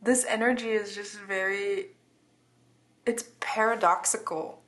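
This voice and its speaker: A woman's voice: mid-range voice, steady tone, unhurried, a bit bright. A young woman giving a casual tarot reading, chatty and giggly, full of filler words. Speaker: tarot reader.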